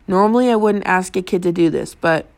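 A woman reading an audiobook, voicing a male police detective who speaks in a calm, measured, reassuring way. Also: lowish voice, lightly acted.

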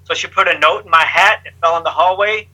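A man with a high, sharp and very bright voice talks through his past in an interview. He is blunt and streetwise, with slang and the odd curse. He slips into other people's lines as he tells it. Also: fast, rough recording. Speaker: interview guest. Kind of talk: candid life story told in conversation.

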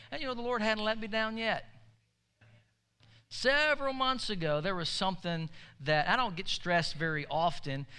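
Male pastor, high clear voice, storytelling sermon, echoey hall. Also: sharp tone. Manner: storytelling, conversational preacher with call-and-response.

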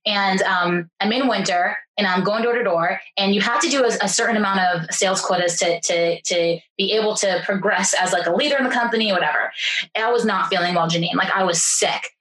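A young adult woman, a podcast guest, telling a personal story in a casual, animated way, with frequent fillers and repeated words. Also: mid-range voice, a little fast. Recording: roomy echo.

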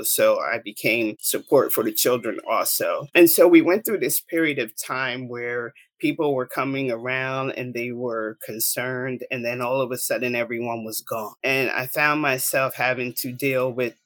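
A woman's voice: very deep voice, fairly even intonation, normal speed, hardly any pauses, dry recording. Middle-aged woman guest, heartfelt storyteller, dry close sound. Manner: earnest, emotional storytelling. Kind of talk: telling a personal story.

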